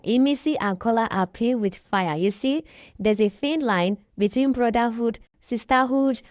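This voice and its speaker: A woman's voice: fairly high pitch, darkish tone, no room sound, clean studio sound. A Nigerian woman with a stuffy nose from a cold, chatting emphatically and gossiping as she comments on a reality show. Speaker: reaction vlogger.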